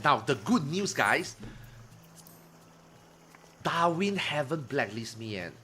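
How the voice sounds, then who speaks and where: A man streaming, telling a story to his chat in a casual, animated way, swearing and loudly acting out what others said. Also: a little high, takes it slowly, a little hiss or hum. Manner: animated retelling, acts out quotes loudly, swears, laughs.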